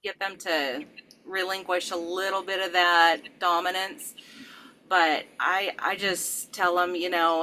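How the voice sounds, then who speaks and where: A woman's voice: lowish voice, steady tone, takes it slowly, bright, forceful tone, slight background noise, poor audio. A middle-aged woman, a regression therapist, talking casually with many fillers and restarts. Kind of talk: casual conversation.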